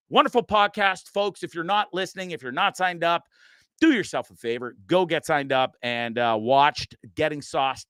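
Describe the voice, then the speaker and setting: A man's voice: on the high side, a bit bright, smooth, no echo. A man hosting a casual live stream, rambling and chatty, reading comments aloud and swearing. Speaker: live-stream show host.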